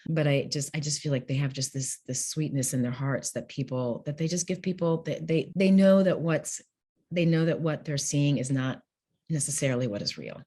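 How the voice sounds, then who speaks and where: Husky lady guest on a podcast, kinda low voice, laughs a lot and acts out little quotes. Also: moderate pace, warm tone. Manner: candid, laughs often, acts out quoted speech. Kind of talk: conversational interview.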